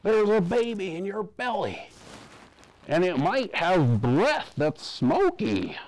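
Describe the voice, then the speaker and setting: A man reading a storybook aloud, voicing a fussy, half-blind old doctor in a high, drawn-out voice. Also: sing-song, darkish tone, exaggerated voice.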